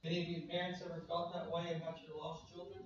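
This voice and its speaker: A man preaching a sermon, animated and full of rhetorical questions, often checking in with "right?". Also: a little high, quick pace, slight background noise. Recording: echoey hall, distant, dull lo-fi.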